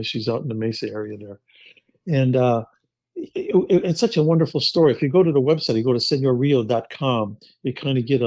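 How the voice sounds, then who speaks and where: A man's voice: medium pitch, no room sound. An older man on a podcast, spinning anecdotes with lots of acted-out quotes and stumbling repeats. His voice sits in the middle of the range. The audio is dry and a little dull. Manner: animated storyteller who acts out quotes and repeats words. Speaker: guest, actor. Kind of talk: casual interview storytelling.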